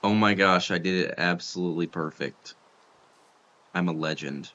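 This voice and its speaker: A man with a low-sitting, bright, forceful voice streams a building game, chatting casually with viewers and reacting as he plays. He keeps talking to chat while he builds, tossing out quick exclamations, though the recording is muffled.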